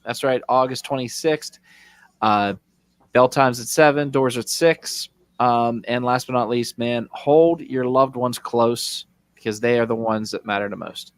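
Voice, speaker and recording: A man's voice: mid-range voice, a little slow. A man co-hosting a podcast, closing with plain, earnest remarks. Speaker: podcast co-host. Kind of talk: casual chat.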